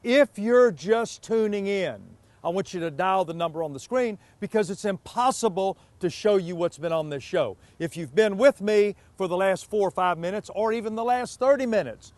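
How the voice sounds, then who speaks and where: A man hosting a TV car sales show outdoors on a car lot, pitching used cars with emphatic, repeated prices. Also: moderate pace, few pauses, a little mellow, no room sound. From Pacific Northwest US.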